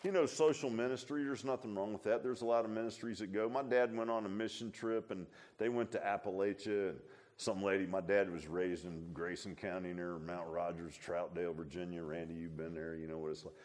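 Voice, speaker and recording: A middle-aged man preaches in a relaxed, folksy way, talking straight to his congregation with plenty of asides. His voice sits on the low side. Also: brisk. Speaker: pastor. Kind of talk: sermon.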